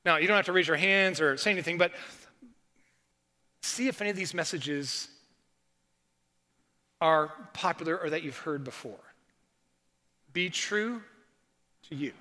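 A middle-aged man delivers a sermon, his voice high and bright as he acts out the stories he tells. The room has a long, lingering reverb, like a church sanctuary. He shifts easily between casual anecdote and preaching. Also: normal speed, pauses often. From northern United States. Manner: animated storytelling with acted-out quotes. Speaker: pastor.

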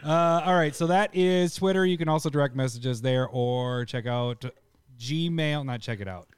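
A man hosting a podcast, casually explaining voting and a giveaway in a relaxed, rambling way. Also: fairly high pitch, normal speed, smooth, no echo, studio quality. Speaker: podcast host.

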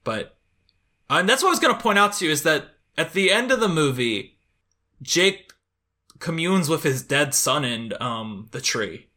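A man co-hosting a podcast in casual chat, joking and animated, often laughing as he talks. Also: a little high, moderate pace. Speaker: podcast co-host.

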